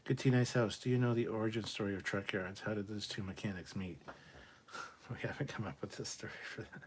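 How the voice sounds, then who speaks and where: Guy reading out chat on a live stream, kinda low voice, cusses a lot, mumbles asides. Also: fairly even intonation, fairly quick, slight background noise. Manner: blunt, sweary, muttering asides under his breath.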